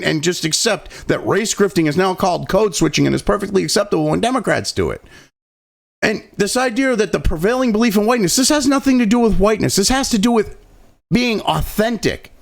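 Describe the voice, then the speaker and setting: A New England political commentary host rants angrily in a high, creaky, animated voice, talking a little fast. He swears constantly and drips with sarcasm throughout this profane political tirade.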